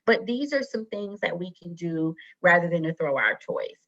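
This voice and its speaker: A woman's voice: lowish voice, animated, moderate pace, a bit bright, muffled recording. A woman teacher leading an online wellness workshop, speaking casually and reassuringly with many fillers. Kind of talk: online presentation.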